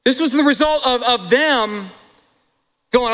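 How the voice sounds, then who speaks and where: A male pastor preaching a sermon in an animated way, talking straight to his congregation with quick asides and laughs. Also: very high voice, in a large hall.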